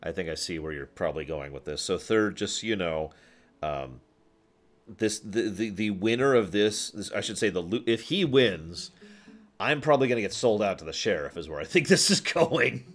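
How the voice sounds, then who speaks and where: Lively low-voiced man at a game table. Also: normal speed. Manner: thinks aloud with many restarts. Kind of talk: casual game table talk.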